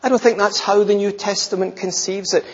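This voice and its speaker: A man preaching a sermon, emphatic and repeating phrases, often dropping to a soft, intense tone. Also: high voice, fairly even intonation, fairly quick, long reverb tail, lo-fi sound.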